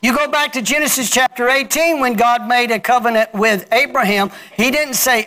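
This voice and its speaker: Preaching at a moderate pace with few pauses, a male pastor has a very high-pitched, bright, and forceful voice. He leads the congregation in call-and-response, having them repeat his words.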